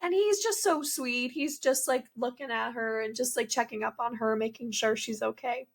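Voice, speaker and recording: A woman co-hosting a casual rewatch podcast, summarizing scenes in a relaxed way with lots of fillers. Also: on the high side, normal speed. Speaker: podcast co-host.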